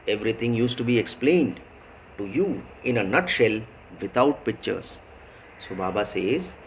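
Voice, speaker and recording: A man with an Indian English accent reading a devotional lesson, slow and measured, repeating key points for emphasis. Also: medium pitch, a little hiss or hum, poor audio. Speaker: spiritual teacher reading a daily lesson.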